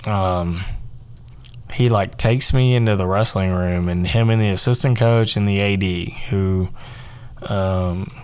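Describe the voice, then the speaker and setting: A man's voice: low-pitched, fairly even intonation, unhurried, a little mellow, clear, resonant tone. A young man telling a personal story on his podcast, rambling with lots of fillers. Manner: rambling, heavy on fillers like "like" and "you know". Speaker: podcast host. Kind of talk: casual storytelling.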